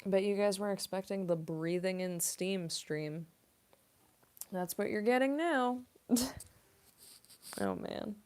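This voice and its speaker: A woman's voice: medium pitch, slow pace, pauses often, darkish tone. A young woman voice actress chatting casually on a livestream Q&A, rambling with lots of fillers and frequent giggles. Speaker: voice actress streamer.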